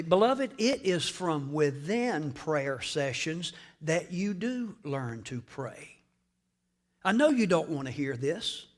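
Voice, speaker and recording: A pastor with a slightly high voice preaches a sermon in call-and-response style, swinging from hushed tones up to loud peaks.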